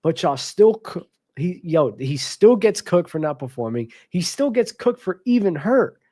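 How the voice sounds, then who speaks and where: A man's voice: high voice, big pitch swings, a little slow, dark tone. Passionate man talking basketball. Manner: passionate, addresses viewers directly with slang. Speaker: sports commentary host. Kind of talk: casual basketball commentary vlog.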